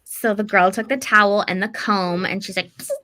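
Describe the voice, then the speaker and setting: Chatty woman with a bright voice. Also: medium pitch, steady tone, normal speed. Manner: loose, chatty, with many fillers and swearing. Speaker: podcast host. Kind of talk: casual storytelling of folklore.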